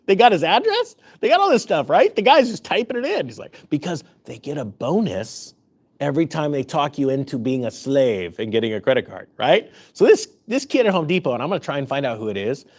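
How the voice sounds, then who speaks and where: A man giving sarcastic, jokey commentary on economic news, breaking into mock voices. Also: fairly high pitch. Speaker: finance YouTuber.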